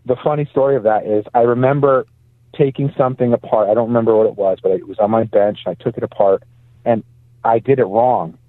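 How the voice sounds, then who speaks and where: A man's voice: medium pitch, no echo. Male pastor on a phone-in, chatty storyteller, sounds like a thin call from a parked car. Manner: chatty, anecdotal, laughs easily. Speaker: guest pastor. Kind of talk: casual storytelling. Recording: tinny phone line.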